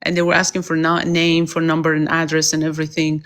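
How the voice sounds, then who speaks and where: A woman's voice: deep voice, monotone, quick pace, fairly bright tone. A woman from Iran with a Persian accent, whose first language is Persian. She is a guest on a live stream and talks in an earnest, emphatic way with non-native phrasing. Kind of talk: casual political talk.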